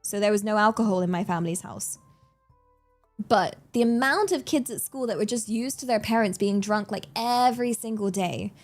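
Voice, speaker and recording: A young woman streaming, chatting casually in a giggly, animated, exclamatory way. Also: mid-range voice, normal speed, soft background music. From England. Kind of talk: casual chat.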